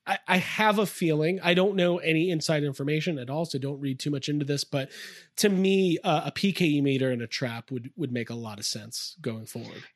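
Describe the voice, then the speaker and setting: Excitable man chatting in a toy room. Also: on the high side, fairly quick, no echo, clean studio sound. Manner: rambling, excitable, many fillers. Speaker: podcast co-host. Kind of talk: casual chat.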